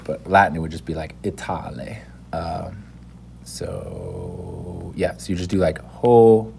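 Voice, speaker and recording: A man giving a casual, rambling spoken language lesson, correcting himself often as he goes. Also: fairly low pitch. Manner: relaxed and rambling, with many fillers and self-corrections. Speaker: language teacher.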